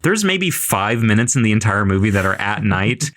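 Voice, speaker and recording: A man's voice: lowish voice, sing-song, moderate pace, a bit bright. A man hosting a casual podcast, talking over a film conversationally with frequent hesitations. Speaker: podcast host.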